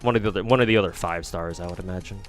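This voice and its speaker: A man's voice: low-pitched, rapid-fire, soft background music. Rambling, profane male streamer. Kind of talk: casual game commentary.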